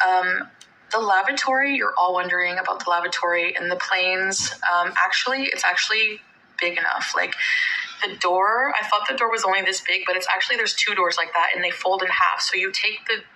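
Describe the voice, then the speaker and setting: Bright-voiced woman rambling in a vlog. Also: mid-range voice, a little fast, a little hiss or hum, rough recording. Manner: rambling, many fillers and restarts. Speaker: vlogger. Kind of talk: casual storytelling vlog.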